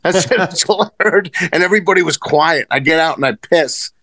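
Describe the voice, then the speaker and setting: Gravelly man telling rambling stories. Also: fairly high pitch, brisk, bright, forceful tone, no room sound. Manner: rambling, profane, many restarts. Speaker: wrestling guest. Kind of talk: casual storytelling.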